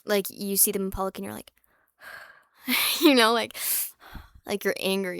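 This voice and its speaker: A woman's voice: medium pitch, fairly even intonation, a little slow, vocal fry, pauses often, fairly bright tone, no echo, clean studio sound. A young woman vlogging in casual chat, rambling and candid, with lots of fillers and restarts, swearing freely and sometimes dropping to a whisper for asides.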